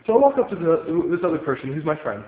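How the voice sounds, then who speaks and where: A card game player venting on video paces around his home, ranting angrily and swearing often in a heated, profane monologue. His slightly high voice is fast with big pitch swings, and the audio is tinny and phone-like with room echo and faint hiss.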